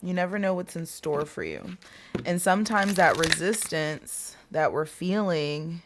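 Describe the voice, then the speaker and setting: A woman with a low, deep-set voice gives a tarot reading straight to her viewers. She talks in a loose, chatty flow, circling back to her points and repeating them for emphasis. Her swearing is casual and unfiltered. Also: a little slow, a little hiss or hum. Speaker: tarot reader.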